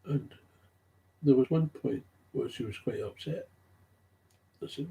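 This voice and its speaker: Warm, creaky and unhurried, this medium-pitched male voice leaves long pauses. His off-the-cuff monologue recounts recovery work, and he gets worked up, hammering home his main phrases by repeating them.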